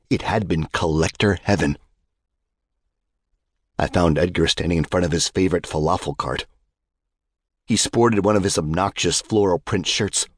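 A man narrating a dark fantasy audiobook in the first person, with a wry, measured delivery. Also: low voice, husky, dry recording, clean studio sound.

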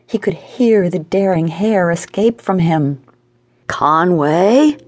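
Mellow, husky woman narrating a storybook. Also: lowish voice, unhurried, no room sound. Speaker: audiobook narrator. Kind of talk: scripted narration.

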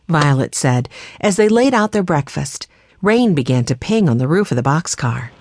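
A woman narrating a children's chapter book with expressive storytelling. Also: sits low, normal speed, slight background noise. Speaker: audiobook narrator. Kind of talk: scripted children's audiobook narration.

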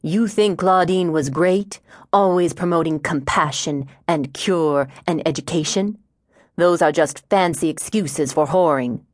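A woman voicing a sneering male fundamentalist preacher who intones scripture slowly. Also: fairly low pitch, no room sound, clean studio sound, lightly acted.

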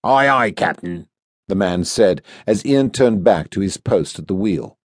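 A male audiobook narrator with a low voice that moves lively up and down as he tells the story. He reads in a measured, expressive way, close to the mic in a dry, dead studio sound. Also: no echo. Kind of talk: scripted narration.

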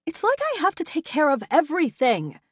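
A sharp-tongued female jackal shifter, put on by a woman reading an audiobook. Her sardonic, snappy lines swing widely in pitch, and the recording is close and dry. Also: big pitch swings, moderate pace, no echo. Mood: exasperated.

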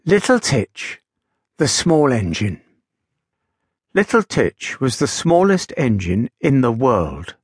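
A man narrating a children's story with gentle, expressive storytelling. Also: medium pitch, dry recording, clean studio sound. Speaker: audiobook narrator. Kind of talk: scripted narration for young children.

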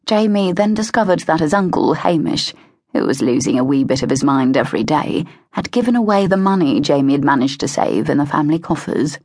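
A woman narrating an audiobook in a measured, expressive way, close to a studio mic. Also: sits low, vocal fry, husky, no room sound. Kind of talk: scripted narration of a historical romance.

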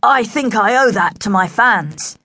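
A woman's voice: mid-range voice, expressive, unhurried, pushed and bright, husky, dry recording, pitched above the performer's own voice, exaggerated voice. A woman voicing a boastful, show-off young boy with a swaggering, self-important manner.

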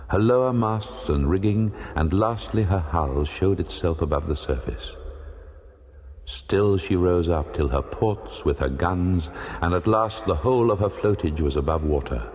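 Deep-voiced male audiobook narrator. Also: darkish tone. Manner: measured, dramatic storytelling. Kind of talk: scripted narration of a classic novel. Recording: long hall reverb.

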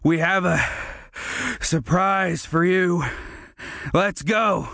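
Man doing a jeering teenage bully, high mocking voice, bossy, storybook villain, dry close sound. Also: very slow, creaky, fairly bright tone, no room sound, heavily acted. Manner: mocking, leering. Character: taunting teenage human bully, tall and flabby, 17.

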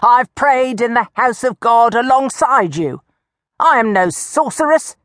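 A woman voicing a crude, indignant old village woman who shouts accusations in a coarse, shrill voice. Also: animated, unhurried, dry recording, studio quality.

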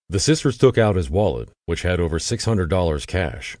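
A man reading a true-crime audiobook in steady, expressive scripted narration on a close studio mic. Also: sits low, moderate pace, dry recording.

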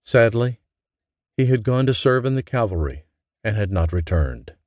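A man reading a romance audiobook as narrator, in a gentle, measured way. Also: on the low side, sing-song, dry recording. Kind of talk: scripted narration.

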